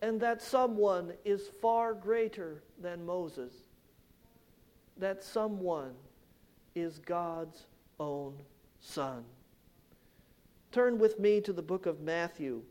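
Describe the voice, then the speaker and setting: A man preaching a sermon, slow and emphatic, swelling louder on key points and dropping low and soft at the ends of phrases. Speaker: pastor.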